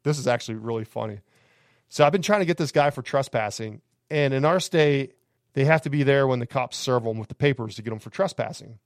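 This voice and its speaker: A man's voice: mid-range voice, brisk, no echo, studio quality. A man, a campground owner, telling rambling, profane stories on a podcast. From Alabama. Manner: rambling, profane, laughing anecdotes. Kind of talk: casual podcast storytelling.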